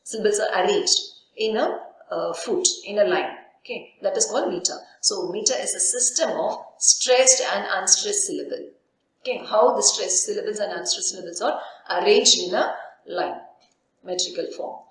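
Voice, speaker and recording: A woman's voice: mid-range voice, moderate pace. A woman university lecturer giving a recorded literature lesson, asking herself questions and answering them, often saying "okay". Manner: explains with frequent "okay" and rhetorical questions. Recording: very echoey room.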